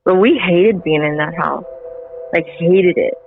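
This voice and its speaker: A woman telling a personal story in casual chat, animated and laughing often, acting out the lines she quotes. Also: on the low side, measured pace, gravelly, phone-quality sound, slight background noise. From Central Texas. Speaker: guest.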